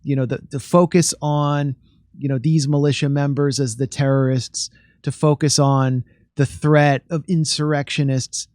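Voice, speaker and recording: Earnest fast-talking male guest. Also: a little high, flat delivery, a little mellow, no echo, clean studio sound. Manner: earnest, rapid, with restarts and fillers. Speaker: guest commentator. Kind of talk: casual political chat.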